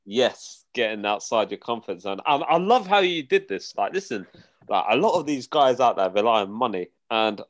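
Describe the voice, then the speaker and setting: Young male co-host, teasing and excitable, mid-pitched voice. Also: moderate pace, lo-fi sound. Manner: excitable, teasing banter with slang. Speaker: podcast co-host. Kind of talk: casual podcast chat.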